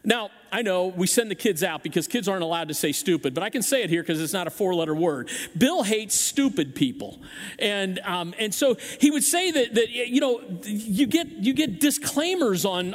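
In a church sanctuary, a male pastor preaches a sermon, telling animated stories with acted-out voices and frequently restarting and repeating words. His voice sits high, at a moderate pace, with a long reverb tail.

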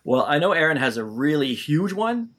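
A man co-hosting a podcast in casual chat, telling stories in an animated way, laughing often and restarting his sentences. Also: fairly high pitch, moderate pace, slight background noise. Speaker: podcast co-host.

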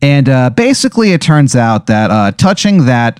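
A man on a comedy podcast, telling a wild improvised story at a mid-range pitch. He rambles through it, piling on "like" and "uh" and plenty of swearing. His voice is close and dry, with no room around it. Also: sing-song, moderate pace, darkish tone, smooth, no echo. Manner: rambling delivery full of fillers and profanity. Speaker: podcast guest.

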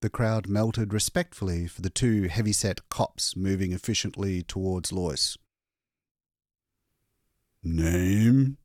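A man reading a short story aloud as an audiobook narrator, measured and expressive. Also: deep voice, no room sound, studio quality. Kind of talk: scripted narration.

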